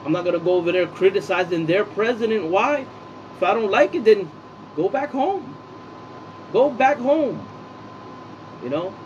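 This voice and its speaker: High-voiced man ranting angrily. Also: lively intonation, moderate pace, pauses often, lo-fi sound, slight background noise. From Puerto Rico. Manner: heated, profane, repeats himself. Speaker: political vlogger. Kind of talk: angry opinion rant.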